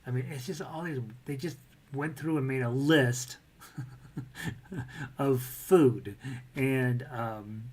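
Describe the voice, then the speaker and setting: A man's voice: mid-range voice, takes it slowly, long pauses, darkish tone. A man teaching a casual ukulele lesson, chatty and self-deprecating, breaking into bits of sung melody. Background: ukulele playing.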